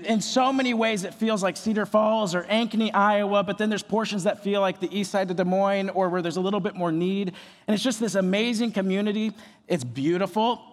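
A man preaching a sermon as a pastor, energetic and joking as he tells stories. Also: high voice, in a large hall. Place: church.

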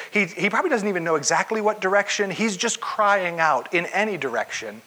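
Man preaching, kinda high voice, bright n a bit husky, tells the story with lots of feeling. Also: normal speed, hardly any pauses, low-quality recording. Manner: expressive storytelling, acts out the scene. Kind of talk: sermon.

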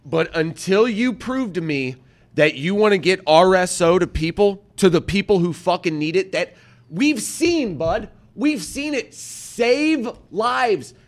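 A man co-hosting a podcast, fired up, backing his partner with loud agreement and swearing. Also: sits high, lively intonation, unhurried. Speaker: podcast co-host. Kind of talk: casual profane chat.

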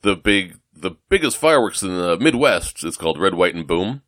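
A man from the United States rambles through a casual chat as a podcast co-host, trailing off and restarting with plenty of fillers. His voice sits fairly low, and the recording is dry and close with no room sound. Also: big pitch swings, fairly quick, a bit bright, dry recording. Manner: rambling, self-deprecating, lots of fillers and restarts.

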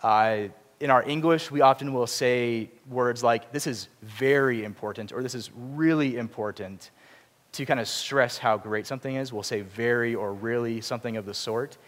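A man preaching in a church, his voice trailing off into a long hall reverb. He explains things earnestly and slips in self-deprecating asides. His pitch sits in an ordinary middle range. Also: moderate pace. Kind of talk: sermon. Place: church sanctuary.

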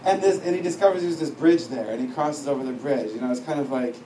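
A man's voice: mid-range voice, quick pace, warm tone. A man giving an informal, chatty teaching talk to a class, wandering off on side stories and laughing often. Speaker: teacher at a discipleship school. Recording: echoey room, distant mic, faint noise.

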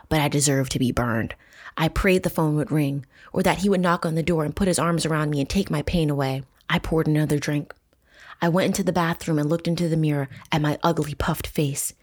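Woman, low pitch, true crime host, profane, dramatic reading. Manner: profane, reads excerpts with dramatic shouting. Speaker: podcast host. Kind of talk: true crime narration, reading book excerpts aloud.

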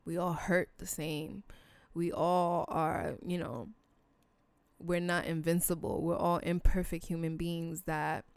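Low, gravelly, blunt-talking woman. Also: level tone, slow, no echo. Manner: blunt, earnest, casual with swearing; emotional, sincere appeals to listeners. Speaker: podcast host. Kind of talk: heartfelt solo podcast talk.

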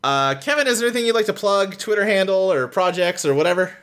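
A man's voice: high voice, animated, fast, a bit bright. A man hosting a casual podcast chat, talking animatedly with many fillers and restarts. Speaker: podcast host.

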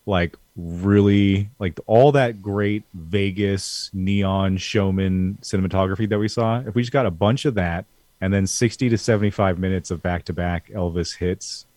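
Man, very deep voice, wry jokes, casual podcast chat, dry sound. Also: fairly even intonation, moderate pace, a little mellow, dry recording. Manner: joking, wry.

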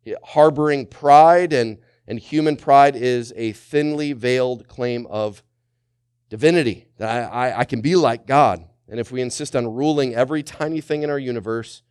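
A man's voice: medium pitch, normal speed, clean tone, no echo, clean studio sound. A man, a pastor, leading a prayer and then preaching a sermon, calling the congregation to repeat phrases back to him. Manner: prays quietly, then preaches with rising, call-and-response intensity.

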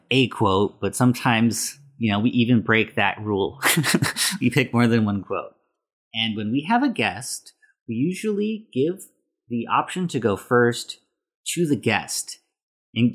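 A man co-hosting a casual movie podcast, explaining things loosely with fillers. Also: mid-range voice. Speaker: podcast co-host.

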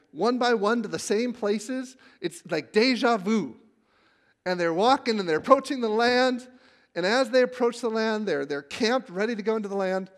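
A male pastor preaching a sermon, telling the story with animation and acting out the quotes, then growing hushed when he reads scripture. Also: high voice. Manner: drops to a hushed, reverent tone when reading scripture.

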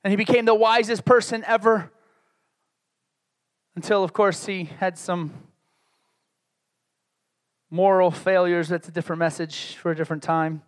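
A man's voice: high voice, steady tone, unhurried, long pauses. A man preaching a sermon as pastor, conversational and joking, building to emphatic peaks.

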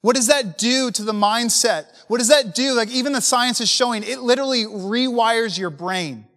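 A man's voice: very high voice, moderate pace, fairly bright tone, long reverb tail. A man preaching to church leaders with passion, talking in a conversational way and asking many rhetorical questions. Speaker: pastor.

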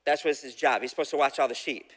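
A man's voice: medium pitch, steady tone, quick pace, fairly bright tone, long reverb tail. A man giving a casual, conversational sermon, retelling a Bible story and asking the audience questions. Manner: conversational, asks the audience questions, acts out quoted voices. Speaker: preacher.

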